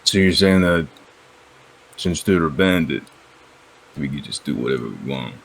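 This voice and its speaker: A man's voice: very deep voice, animated, normal speed, creaky, a bit bright, a little hiss or hum, rough recording. A man playing in a tabletop game, skeptical and pushing back on others. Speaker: player.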